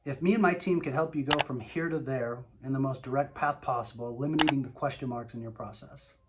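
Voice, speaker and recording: A man's voice: medium pitch, fast, very noisy. A man coaching on sales calls, speaking emphatically and often checking in with "right?". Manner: emphatic, keeps asking "right?". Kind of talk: coaching talk with role-play demos.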